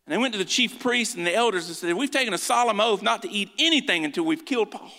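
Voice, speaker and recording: A middle-aged man preaching a sermon as pastor, swinging between loud urging and hushed asides. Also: high voice, expressive, fast talker. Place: church sanctuary. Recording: long hall reverb.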